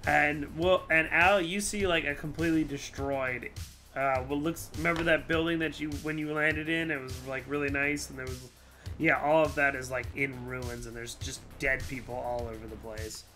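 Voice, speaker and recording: A man's voice: a little high, fairly even intonation, normal speed, sharp tone, faint music behind. A man narrating a tabletop game as game master, casual and full of fillers.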